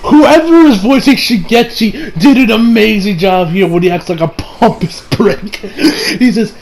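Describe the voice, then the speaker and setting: A man's voice: high voice, moderate pace, a little mellow, slight background noise. A man casually recapping an anime episode in a rambling, laughing way, with frequent profanity and fillers. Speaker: anime reviewer.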